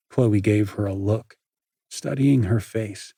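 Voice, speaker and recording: A husky male narrator reads a novel at a steady, measured pace. His voice sits in a middle register. The recording is close and dry with no room sound. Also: on the low side, no room sound. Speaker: audiobook narrator. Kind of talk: scripted narration.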